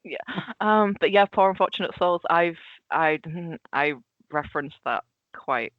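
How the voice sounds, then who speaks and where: A man with a Dutch accent co-hosting a casual film podcast, animated and giggly as he talks. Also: on the high side, unhurried, no echo, lo-fi sound. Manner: animated and giggly, acts out quotes. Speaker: podcast co-host.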